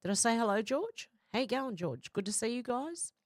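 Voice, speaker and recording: A woman's voice: on the high side, very animated, normal speed, no room sound, studio quality. A blunt, chatty woman hosting a livestream, reading out viewer comments and swearing freely. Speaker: host.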